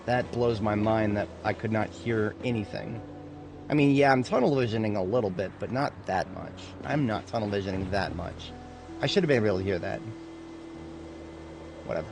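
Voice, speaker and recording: A man's voice: lowish voice, normal speed, gravelly, noisy background. A man casually commenting on his own gameplay, muttering to himself and often swearing. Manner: swears a lot, flips from mumbling to angry yelling. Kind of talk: casual let's-play commentary. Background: game music and sounds.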